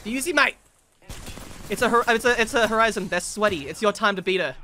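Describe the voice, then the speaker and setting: Excitable young-sounding male streamer. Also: high voice, slight background noise. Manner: excitable, teasing, quick to laugh, mock-Aussie slang. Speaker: gaming streamer. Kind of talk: casual gaming chat.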